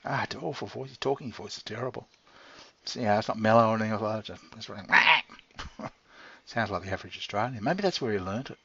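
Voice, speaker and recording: Speaking fast in a lowish, gravelly, slightly rough voice, a middle-aged channel host rambles to his pet with plenty of swearing and frequent chuckles. The lo-fi recording is dull but has no echo.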